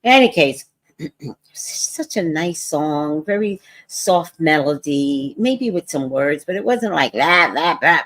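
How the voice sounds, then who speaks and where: A woman hosting a casual livestream, telling an animated story and acting out other people's lines in voices. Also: deep voice, takes it slowly, dry recording. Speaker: vlog host.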